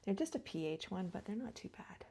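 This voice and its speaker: A woman's voice: medium pitch, very animated, a little fast, vocal fry, mellow, slightly rough. A middle-aged woman chatting through a get-ready-with-me beauty vlog, rambling and laughing, sometimes dropping to a whisper. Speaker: beauty vlogger. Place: home.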